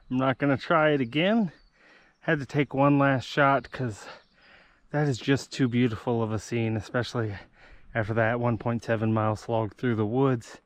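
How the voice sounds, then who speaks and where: A man's voice: medium pitch, no room sound, low-quality recording. A man vlogging a hike outdoors on a mountain trail, out of breath, chatty and self-deprecating. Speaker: hiking vlogger. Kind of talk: casual hiking vlog narration.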